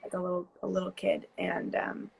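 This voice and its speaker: A woman's voice: fairly low pitch, expressive, vocal fry, breathy edge, poor audio. Young New Jersey woman, rambling chat. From New Jersey, USA. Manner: rambling, hesitant, many fillers and quick laughs. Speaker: guest artist. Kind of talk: casual chat.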